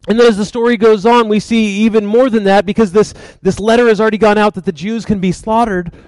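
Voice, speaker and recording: A man preaching a sermon, retelling a story in a lively, conversational way. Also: sits high, no echo, low-quality recording. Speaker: pastor.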